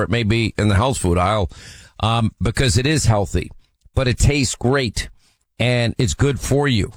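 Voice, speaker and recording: A man's voice: medium pitch, dry recording. A man hosting a talk radio show, reading ads and chatting casually with many ums and restarts. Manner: rambling, with frequent ums and restarts.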